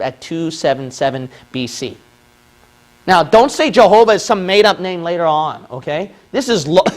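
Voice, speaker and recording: A man from the Philippines lectures in a high, light voice. He argues his case step by step and keeps checking in with "okay?" after each point. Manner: argumentative, repeats points with "okay?". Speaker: religious video presenter. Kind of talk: lecture on a whiteboard.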